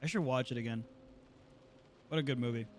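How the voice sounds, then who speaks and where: A man's voice: medium pitch, brisk, slight background noise. A man streaming a game, talking casually with slang, swearing and lots of fillers as he plays. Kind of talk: let's play commentary.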